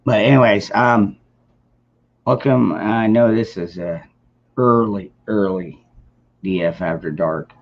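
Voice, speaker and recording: A man hosts a laid-back late-night livestream, rambling and greeting chat viewers by name. His fairly low voice is slow with vocal fry and frequent pauses, and the stream audio is dull and lo-fi.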